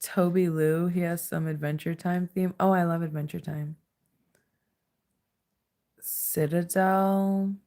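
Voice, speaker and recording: A chatty young woman talks on a casual livestream from home, her voice sitting a little low. She laughs often and scolds her clingy dog between comments. A dog can be heard nearby. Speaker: livestream host.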